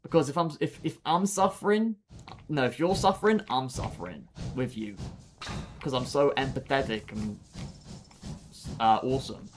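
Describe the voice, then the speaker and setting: A man's voice: medium pitch, expressive, moderate pace. A young man streaming a game live, joking, bragging and chatting back to his viewers in a casual way. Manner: joking, boastful, answering chat. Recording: clear background noise.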